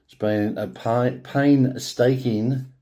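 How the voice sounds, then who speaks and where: A man with an Australian accent speaks slowly in a rambling solo monologue. He stumbles and restarts words, then swings into grand, proclaiming statements. His voice sits at an ordinary middle pitch. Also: steady tone, noisy background. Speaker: online spiritual speaker.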